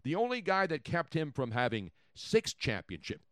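Animated, high-pitched sports talk host. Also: male voice, moderate pace, no room sound, studio quality. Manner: excitable, repeats points, jumps in pitch and volume.

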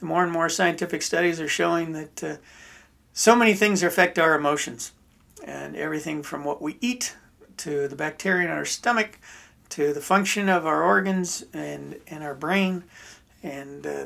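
Gravelly, folksy male podcast host. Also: a little high, sharp tone. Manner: rambling, folksy storyteller with restarts. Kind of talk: casual storytelling chat.

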